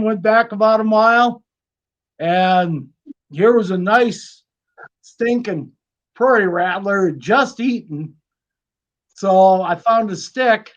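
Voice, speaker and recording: High-voiced laid-back man from Wyoming. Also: lo-fi sound. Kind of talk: casual chat.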